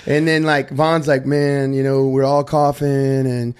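A man's voice: mid-range voice, flat delivery, unhurried, clear, resonant tone. A man with a Louisiana accent, a podcast guest in casual chat who rambles, jokes and laughs a lot, a bit stuffy from allergies. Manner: rambling, joking, laughs often.

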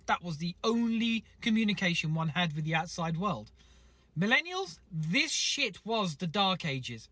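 Host, deadpan patter; bright, lively, dry close mic. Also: mid-range voice, unhurried, no echo. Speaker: podcast host. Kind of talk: comic podcast quiz links.

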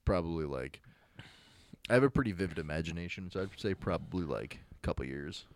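A man's voice: sits low, lively intonation, fairly quick. A young man co-hosting a podcast, blunt and teasing, swearing and laughing through casual chat. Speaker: podcast co-host.

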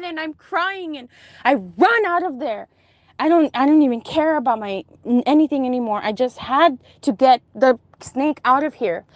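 A woman's voice: high-pitched, lively intonation, normal speed, no room sound, dull audio. A young woman telling a vivid dream in an intense, emotional, breathless way. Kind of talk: casual storytelling, recounting a dream.

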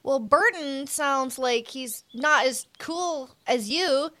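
A woman's voice: high-pitched, slow, sharp tone. A woman playing a tabletop game, making wry quips. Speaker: player.

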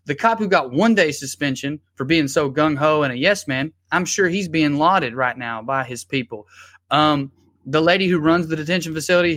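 A man speaking with a bright, forceful edge and a slightly raised pitch. He talks bluntly and with passion, swearing as he makes his case. The sound is close and dry. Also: no room sound. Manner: impassioned, blunt, swears freely. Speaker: guest, former public defender. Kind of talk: podcast discussion.

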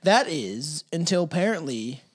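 A man's voice: on the high side, big pitch swings, a little slow. A man co-hosting a podcast, casually telling a spooky legend with stumbles, swearing and laughs. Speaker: podcast co-host.

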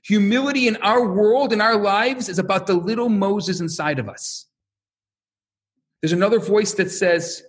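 A man giving a sermon-style lecture as a religious teacher, telling stories in an animated way and acting out the quotes. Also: high-pitched, moderate pace. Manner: animated storytelling, acts out quotes.

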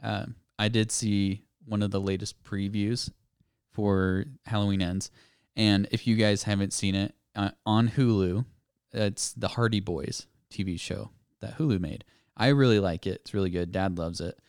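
A man co-hosting a spooky-themed podcast, chatting casually and wandering through his thoughts with small restarts. His voice sits a little low and sounds smooth and clear. The close mic gives a dry sound with no room around it. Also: measured pace, dry recording. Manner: relaxed, meandering, hesitant with restarts. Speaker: podcast co-host. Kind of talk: casual chat.

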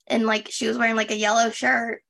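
A woman's voice: a little high, flat delivery, brisk, gravelly, fairly bright tone. A young adult woman co-hosting a podcast in a casual chat, talking loosely with lots of fillers and restarts. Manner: chatty, trails off and restarts, lots of "like". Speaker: podcast co-host.

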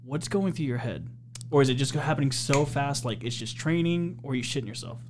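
A man's voice: medium pitch, brisk, soft background music. A man co-hosting a casual podcast, asking curious, slangy questions. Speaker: podcast co-host. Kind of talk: casual chat.

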